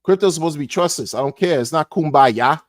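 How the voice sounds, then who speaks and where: A man ranting in a casual monologue, animated and sarcastic, repeating words and laughing often. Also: on the high side, fast talker, no echo, clean studio sound. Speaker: crypto commentator.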